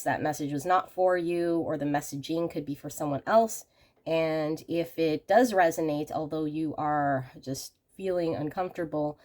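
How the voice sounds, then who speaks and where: A woman with a low voice hosts a pick-a-card tarot reading, speaking straight to her viewers. She sounds slightly hoarse from a cold, and her way of talking is gentle and reassuring. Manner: gentle, reassuring, addresses viewers warmly as friends. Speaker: tarot reader and channel host.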